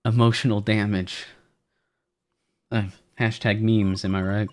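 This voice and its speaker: A man's voice: on the low side, level tone, a little slow, pauses often. A man streaming a game demo review, making jokey, meme-filled asides. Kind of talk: live gameplay commentary.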